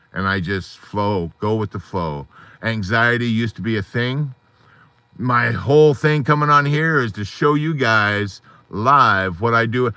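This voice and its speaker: Guy rambling on a late night live stream from his car, bright voice, dry sound, jumps around a lot. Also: mid-range voice, no echo. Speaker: live-stream host of a divorced dads channel. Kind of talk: unscripted live-stream chat. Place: inside a parked car at night.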